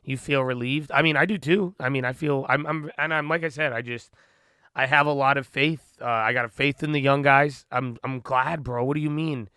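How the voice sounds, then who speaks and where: A man's voice: mid-range voice, steady tone, normal speed, bright, forceful tone, clear, resonant tone, no echo, clean studio sound. A man hosting a trading livestream, rambling loosely and talking to his chat with "bro" and "man". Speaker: stock trading streamer.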